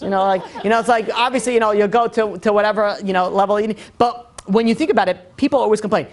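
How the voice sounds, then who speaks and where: Man, rabbi type, rapid lecturing, animated and chatty. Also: sits high. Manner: animated, chatty, full of "you know". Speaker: rabbi teaching a class. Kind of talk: lively lecture to a live group.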